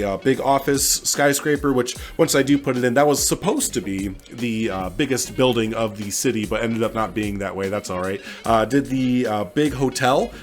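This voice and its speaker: A man with a cold, hosting a gaming channel, rambling casually with lots of ums and uhs. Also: mid-range voice. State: stuffed up from a cold. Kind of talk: casual gameplay commentary. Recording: faint music behind the voice.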